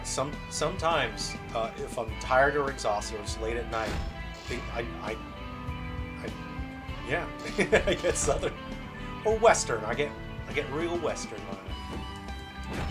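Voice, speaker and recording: A man with an ordinary mid-range voice chats casually as he hosts a livestream of his own game. He reads viewers' questions aloud and answers them as he plays. Game music runs quietly behind him. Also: mid-range voice. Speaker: game developer hosting a launch stream. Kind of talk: casual livestream chat while playing. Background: faint game music.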